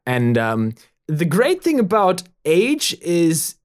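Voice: medium pitch, huge pitch swings, slow pace, voice pushed up. A player voicing an old male German doctor with a mock German accent, blunt and formal, in a tabletop game. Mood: deadpan.

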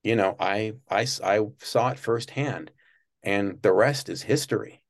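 Guy rambling through old tv studio stories, lowish voice, lots of restarts. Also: measured pace. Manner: rambling, many restarts, animated when mimicking others. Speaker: guest recalling work at a TV studio. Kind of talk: casual interview storytelling.

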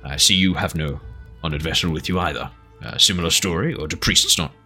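A man voicing a calm, polite male adventurer who speaks softly and hesitantly. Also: deep voice, a little fast, husky, faint music behind, full character voice. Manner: soft-spoken, hesitant.

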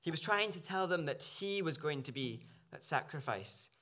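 Man, preacher, earnest sermon delivery, bright slightly high voice. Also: expressive, normal speed. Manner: earnest, searching, with small restarts. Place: church.

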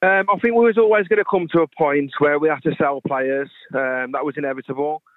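A man from the West Midlands phones in to a radio show and talks things through earnestly, often pausing with "um" and "I think". His voice sits a little high and comes down a thin, tinny phone line. The sound is dry and close. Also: no room sound. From West Midlands, England. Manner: earnest, thoughtful, many "um"s and "I think"s. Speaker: caller. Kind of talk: phone-in chat.

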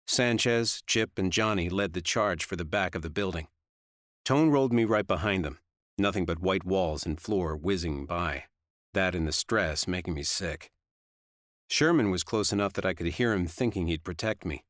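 Low-voiced male audiobook narrator. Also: moderate pace, fairly bright tone, no room sound, clean studio sound. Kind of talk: first-person audiobook narration.

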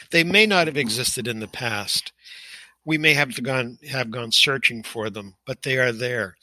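An older man giving personal testimony as an interview guest, emotional and halting, with frequent pauses and fillers. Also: medium pitch, sharp tone, no echo, low-quality recording.

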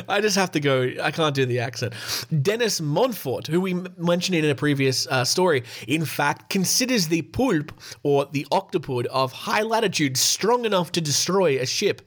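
A male podcast host with a slightly higher-than-average voice reads out animal facts in a loose, chatty way. He keeps breaking off for jokes at his own expense and wry asides. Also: expressive, normal speed. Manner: jokey, self-deprecating asides. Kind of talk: casual podcast chat reading animal facts.

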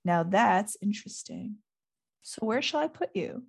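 The wise old talking hat of a storybook, as a woman reads it aloud speaks in a quiet, musing way and teases gently. It weighs each choice slowly, in a voice of middling pitch. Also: expressive, gravelly, husky, full character voice. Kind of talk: reading a novel aloud.

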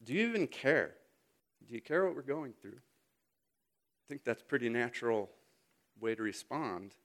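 A man in his thirties delivers a sermon in an animated storytelling way, acting out scenes and now and then breaking into sudden loud bursts. His voice sits at an ordinary middle pitch for a man. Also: unhurried. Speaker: speaker.

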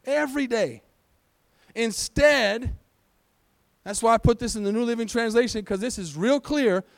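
A man delivers a sermon in a church, his voice sitting high for a man. He presses his congregation with questions and calls for an answering amen. The sound is dry and close, with little room around it. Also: moderate pace, gravelly, dry recording. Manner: preaching with rhetorical questions and call-and-response. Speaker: pastor. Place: church sanctuary.

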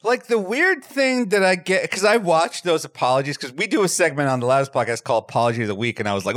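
A man hosting a comedy podcast, joking and riffing loudly, recorded over an online call mic. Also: on the high side, fast, hardly any pauses. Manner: animated, loud bursts, jokey impressions. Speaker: podcast host.

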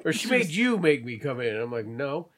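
A man's voice: medium pitch, very animated, fairly quick, a bit bright. A man cracking jokes and telling a work memory in casual podcast chat. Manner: wisecracking, swears. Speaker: podcast co-host. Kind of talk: casual banter.

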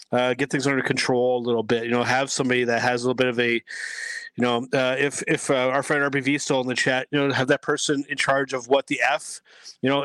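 A man's voice: mid-range voice, a bit bright, no room sound. Rambling man in casual chat. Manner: rambling, many restarts and fillers. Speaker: guest commentator.

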